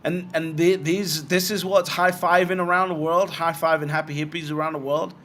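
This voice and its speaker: A man's voice: fairly high pitch, moderate pace, a little hiss or hum. A young man from Britain hosting a livestream, answering viewer questions in blunt, casual chat with plenty of swearing. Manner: blunt, swearing, animated asides. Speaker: bitcoin livestream host.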